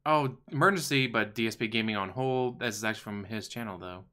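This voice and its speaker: Male stream host, bright crisp voice, sarcastic and crude, casual commentary. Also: fairly low pitch, fast. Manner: profane, sarcastic, mocking.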